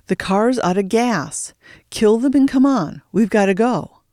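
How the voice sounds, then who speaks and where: A reader voicing a ruthless, panicky male gang boss who shouts urgent orders in an audiobook. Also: medium pitch, animated, a little slow, no room sound, clean studio sound, voice pushed up, lightly acted. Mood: urgent, shouting.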